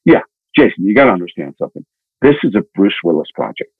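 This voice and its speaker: Fast-talking man on a tinny line. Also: deep voice, husky, no room sound. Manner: fast, animated storytelling with voiced quotes. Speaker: actor telling stories. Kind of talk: casual anecdote in a podcast interview. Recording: tinny phone-like audio.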